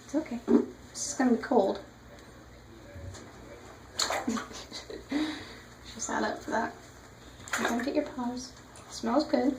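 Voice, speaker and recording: A woman soothing her pet rabbit in a soft, gentle voice as she bathes it in a tub. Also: a little high, fairly even intonation, slow pace, pauses often, background noise. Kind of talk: casual vlog chat. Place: bathroom at a bathtub. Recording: echoey bathroom with loud running water.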